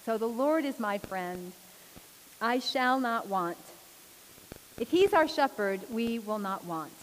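Woman preacher, high voice, chatty informal sermon, frequent laughter, long reverb, faint hiss. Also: takes it slowly. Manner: laughs often, lively and chatty.

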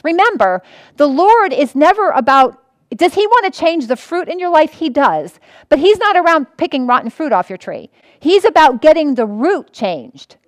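A woman's voice: sits high, big pitch swings, moderate pace, dry recording. A woman pastor teaching a sermon in an earnest way, often restarting and repeating her points.

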